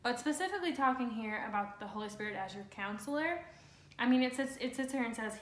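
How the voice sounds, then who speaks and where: A woman's voice: a little high, expressive, fast talker, a bit bright, slight background noise. A woman co-hosting a casual talk on the Bible, chatty and full of fillers and restarts. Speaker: co-host. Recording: echoey room.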